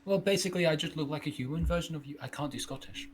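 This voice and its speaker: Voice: medium pitch, rapid-fire. A player in a tabletop game with a wry, teasing manner.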